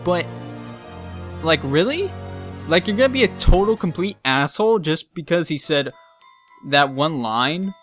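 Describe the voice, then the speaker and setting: A man's voice: fairly high pitch, animated, unhurried, pauses often, a bit bright, soft background music. A man giving casual gameplay commentary, ranting with exasperated profanity and jokes. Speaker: let's play commentator.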